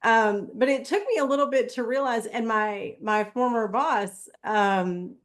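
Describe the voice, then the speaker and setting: A woman's voice: fairly high pitch, unhurried. A woman hosting a podcast, chatting casually, laughing often and joking about herself. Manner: laughs often, self-deprecating. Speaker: podcast host.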